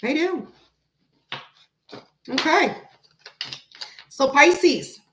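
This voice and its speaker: A woman hosting a casual live tarot reading, chatty and animated, talking straight to her viewers. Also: sits high, extremely slow, roomy sound, a little hiss or hum, rough recording. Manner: chatty, animated, laughs often, talks to her chat. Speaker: tarot reader and live stream host.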